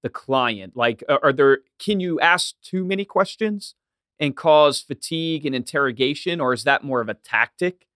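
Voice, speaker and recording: A man hosting a podcast, with a bright, forward voice in a dry room. He asks curious follow-up questions and nods along with short remarks. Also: on the high side, moderate pace, no echo. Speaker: podcast host. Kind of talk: podcast interview.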